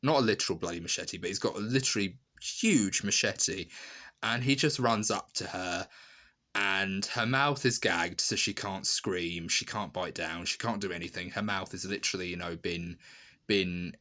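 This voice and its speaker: A man giving a casual spoken review, rambling with lots of filler and animated storytelling. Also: low voice, moderate pace. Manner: rambling, full of "you know" and "literally". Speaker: video reviewer.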